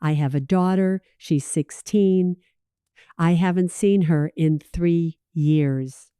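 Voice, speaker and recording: Regretful mother in hospital read by a woman, slow, ashamed, dry close voice. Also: on the low side, dark tone, clean tone, dry recording. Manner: shaky, ashamed.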